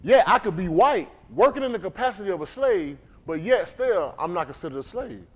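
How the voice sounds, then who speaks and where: A man's voice: high-pitched, a little fast. A man preaching a livestreamed sermon in a conversational way, often putting questions to the congregation. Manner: animated, conversational, quizzes the congregation.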